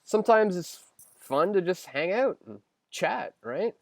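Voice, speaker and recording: A man's voice: high voice, animated, a little slow, no echo, studio quality. A young man hosting a casual live stream, reading viewer questions aloud and rambling through answers with lots of fillers and restarts. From Canada.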